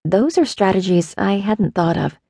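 A woman's voice: medium pitch, expressive, normal speed, creaky, mellow, breathy edge, no room sound, studio quality. A woman voicing a desperate young woman who pleads and rambles through tears. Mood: pleading. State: tearful.

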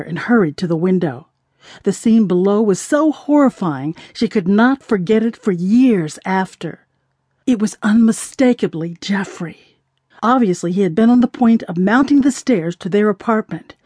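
A woman narrating an audiobook in a measured, dramatic storytelling manner. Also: medium pitch, mellow, breathy edge, no room sound, clean studio sound.

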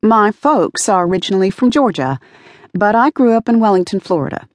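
A woman's voice: mid-range voice, expressive, a little fast, dry recording, pitched above the performer's own voice, lightly acted. A woman voicing a young female filmmaker who answers in a wry, dryly self-deprecating way.

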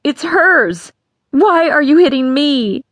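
A woman's voice: lively intonation, normal speed, no room sound. A woman voicing a spiteful injured girl who wails and threatens shrilly. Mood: screaming. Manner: shrill wailing pleas.

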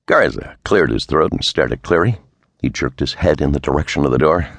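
Deep gravelly guy reading a noir audiobook, dry close sound. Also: lively intonation, fairly quick, no room sound. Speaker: audiobook narrator. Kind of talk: scripted noir novel narration.

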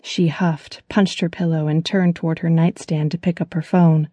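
A woman narrates a suspense audiobook in a steady, measured way. Her low voice is husky and mellow. The recording is dry and close. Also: no room sound. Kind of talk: scripted narration.

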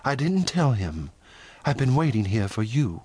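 A man reading the part of an earnest young ranch woman in a storybook western, speaking up with indignation. Her lines swing in pitch, and the sound is dry and close. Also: big pitch swings, a little slow, darkish tone, husky, no echo.

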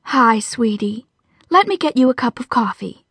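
A woman narrator voicing a gentle, soothing middle-aged mother. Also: high voice, a little slow, no echo, studio quality. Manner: soothing, warm-hearted.

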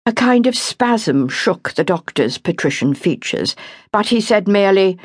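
A woman of medium pitch performs scripted audiobook narration of a novel, her storytelling measured and expressive. The recording is dry and of studio quality.

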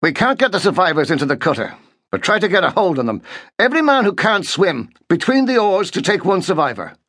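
A man's voice: high-pitched, animated, a little fast, sharp tone, no room sound, studio quality, pitched above the performer's own voice, heavily acted. A man voicing a hot-tempered Irish Marine lieutenant who growls and bellows orders, with an Irish accent. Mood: commanding.

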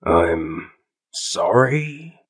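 Man doing a gravelly, cocky agent. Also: low voice, sing-song, very slow, no echo, clean studio sound, exaggerated voice. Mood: smug. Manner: cocky, scoffing. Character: smug, cocky male agent, insubordinate. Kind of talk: audiobook character voice.

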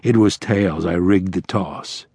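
A man voicing a quiet, guarded young ex-convict who speaks flatly and briefly. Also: slow pace, creaky, husky, dry recording, studio quality, full character voice. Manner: laconic, flat, low-key.

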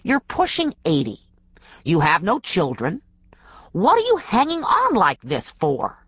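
A woman voicing a smooth male doctor coaxing an old man to sell. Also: on the low side, huge pitch swings, a little slow, dry recording, muffled recording, exaggerated voice. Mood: persuasive. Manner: coaxing, persuasive.

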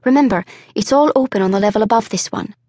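A woman voicing a grim, cautious male elf warrior who speaks low and resigned, often near a whisper. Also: quick pace, mellow, dry recording, clean studio sound, natural voice.

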